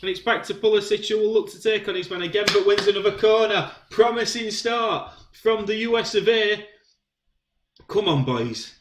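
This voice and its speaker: A man giving excited play-by-play commentary on a football video game, shouting when goals go in. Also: high voice, normal speed, reverberant, noisy background. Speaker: gaming commentator.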